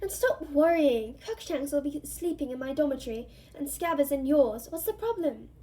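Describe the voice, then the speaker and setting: A woman voicing a clever, bossy teenage girl in a read-aloud novel, brisk and fussing. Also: high-pitched, animated, dark tone, voice pushed up.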